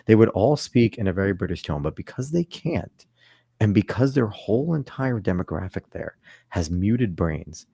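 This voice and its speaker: A man's voice: fairly low pitch, moderate pace, gravelly, husky, no echo, studio quality. A man co-hosting a podcast, chatting casually and profanely about politics. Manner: animated, profane, swinging loud and soft. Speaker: podcast co-host.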